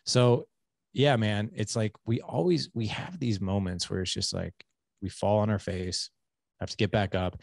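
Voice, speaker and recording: A man's voice: lowish voice, moderate pace, creaky, no echo, clean studio sound. A man in his forties hosting a podcast interview, telling a candid, self-deprecating story from home life. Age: 40s. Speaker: podcast host.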